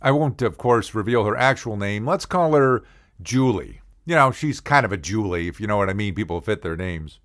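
An older man spinning humorous stories about his college years, his voice rising and falling in lively swings. The delivery is wry and self-mocking, recorded close and dry with no room echo. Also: on the low side, normal speed. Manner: wry, self-deprecating, animated. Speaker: comedic storyteller. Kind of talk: humorous personal storytelling.

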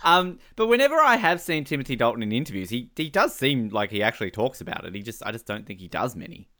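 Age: adult. Sex: man. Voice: lively, bright. Role: podcast co-host, joking film commentary. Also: medium pitch, fast. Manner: joking, animated, laughs often. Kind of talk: casual film commentary chat.

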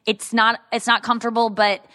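A woman's voice: a little high, flat delivery, brisk, pushed and bright. A woman comedian in casual podcast talk, chatty and self-deprecating, often restarting her sentences. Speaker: comedian guest.

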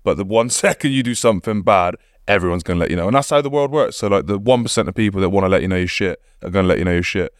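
A man's voice: deep voice, rapid-fire, few pauses, no echo, clean studio sound. A young man, a guest on a podcast, talking casually and bluntly, swearing and laughing often. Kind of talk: casual chat.

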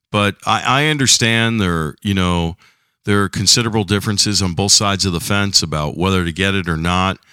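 A man's voice: deep voice, bright, forceful tone, clean tone, no echo, studio quality. A middle-aged man hosting a casual solo podcast, rambling and chatty with a slight lingering cough. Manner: rambling, chatty, self-deprecating. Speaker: podcast host.

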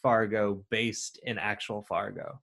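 A man's voice: on the low side, little pitch movement, slow, fairly bright tone. A man co-hosting a podcast, chatting loosely about a film with restarts and filler words. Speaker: podcast co-host. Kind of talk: casual chat about a film.

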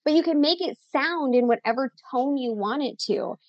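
A chatty, upbeat woman with a slightly higher voice talks through content tips as an interview guest. Her tone is a bit sassy. The sound is dry and slightly dull. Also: normal speed, no room sound. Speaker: podcast guest, content coach. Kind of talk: casual interview chat.

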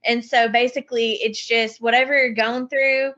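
A woman with a slightly high voice talks in an affirming, reflective way in casual podcast chat. Her audio sounds dull and muffled. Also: little pitch movement, normal speed, fairly bright tone. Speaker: podcast co-host.

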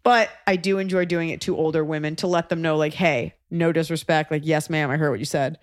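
Podcast host: chatty Texan woman, lowish voice, dry close sound. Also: steady tone, brisk, no room sound. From Texas. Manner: chatty, acts out voices in anecdotes. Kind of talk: casual chat.

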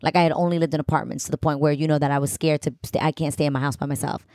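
A young woman from New York talks in a lowish voice with a clear New York accent. Her speech is animated and rambling, full of restarts and asides, and the recording is dry and close with no room sound. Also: racing, no echo. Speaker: guest co-host. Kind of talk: casual podcast chat.

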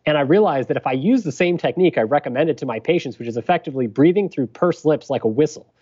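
A man, a physician and podcast guest, explaining a breathing technique in a measured, thoughtful way. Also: on the high side, lively intonation, warm tone, breathy edge, highs cut off. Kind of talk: explanatory interview talk.

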